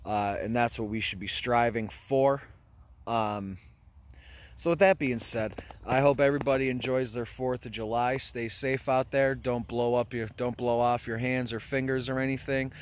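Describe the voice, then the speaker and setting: A man's voice: mid-range voice, fairly even intonation, moderate pace. Casual, swearing American vlogger man. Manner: casual, profane, many fillers like "you know". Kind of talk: casual chat.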